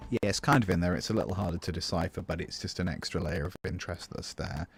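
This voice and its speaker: A British music teacher from the United Kingdom chats casually through a live-streamed composition tutorial, thinking aloud and answering viewers' chat between steps as he works. His voice is low-pitched, slightly rough, and quick, with vocal fry.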